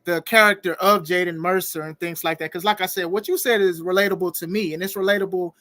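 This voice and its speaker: Podcast host, man, lively and laughing, close dry mic. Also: high-pitched, fast talker, dry recording. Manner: animated, laughs often, reads viewer comments aloud. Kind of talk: casual interview chat.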